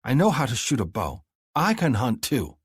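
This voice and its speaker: A male narrator voicing an angry, sarcastic young human woman in an audiobook, shouting and sneering. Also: mid-range voice, wildly swooping pitch, normal speed, breathy edge, no echo, clean studio sound, pitched above the performer's own voice, heavily acted. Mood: furious, sarcastic. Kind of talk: audiobook character voice.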